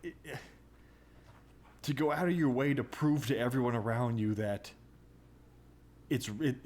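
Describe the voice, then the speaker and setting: A man co-hosting a podcast in casual chat, animated and profane, with chuckling asides. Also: medium pitch, takes it slowly, pauses often. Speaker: podcast co-host.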